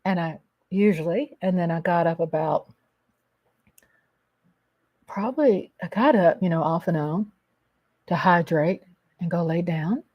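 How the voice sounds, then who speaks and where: A woman hosting a casual livestream, reading viewers' comments aloud and chatting in a slow, affectionate way, often calling them baby and darling. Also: fairly low pitch, muffled recording. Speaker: livestream host reading chat.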